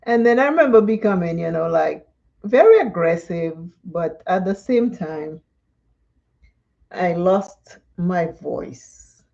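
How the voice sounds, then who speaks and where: Slow, mellow woman chatting. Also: on the low side, expressive, creaky, highs cut off. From Dominica. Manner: chatty, laughs often, storytelling between makeup steps. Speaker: makeup vlogger. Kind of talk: live-stream makeup tutorial chat.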